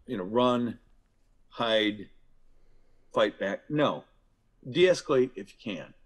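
A middle-aged man, a guest author, explaining how to calm angry people in a casual interview and acting out examples. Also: lowish voice. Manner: animated storyteller, acts out examples. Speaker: guest, author and workplace violence speaker. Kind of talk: conversational podcast interview.

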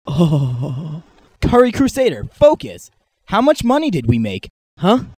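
A man's voice: on the high side, wildly swooping pitch, unhurried, darkish tone, slightly rough, dry recording, heavily acted. A teen boy plays a girl-crazy superhero who keeps losing track of things. His voice rises and falls a lot and is recorded close and dry. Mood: dreamy. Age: late teens. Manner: distracted, drifting off mid-sentence. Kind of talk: amateur comedy sketch.

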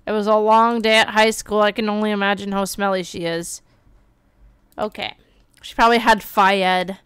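Woman streamer, lively gameplay commentary, smooth resonant voice. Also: mid-range voice, no room sound. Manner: animated, bursts of exclaiming and quick read-outs. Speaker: game streamer.

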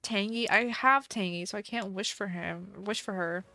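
A woman's voice: medium pitch, moderate pace, sharp tone. A woman live-streaming a game, casually reading viewer questions aloud, playful and giggly with bursts of mock outrage.

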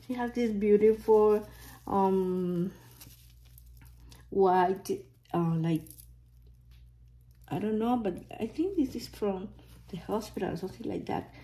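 Slow, gushing woman whispering in awe. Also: medium pitch. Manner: gushing, often dropping to an excited whisper. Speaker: reborn doll unboxing vlogger. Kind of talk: casual unboxing commentary.

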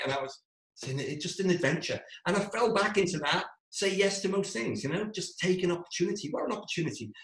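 A man telling a comic story to a live-streamed audience, acting out his own panicked lines in a shrill voice. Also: roomy sound, poor audio. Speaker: stand-up storyteller.

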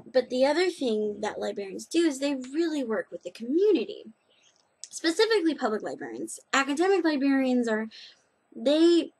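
A young woman vlogging in a rambling, chatty way, full of restarts and asides. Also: fairly high pitch. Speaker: knitting and nails vlogger. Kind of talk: casual chat.

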